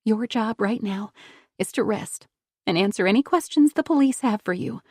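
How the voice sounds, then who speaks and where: A woman voicing a gentle, worried grandmother who soothes and reassures her injured granddaughter. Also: medium pitch, animated, normal speed, breathy edge, no echo, clean studio sound. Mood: soothing.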